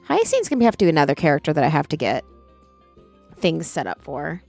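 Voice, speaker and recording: A woman's voice: low voice, big pitch swings, a little fast, creaky, a little mellow. A woman live-streaming a video game, chatting casually and talking to her pet as she plays, with faint game music underneath.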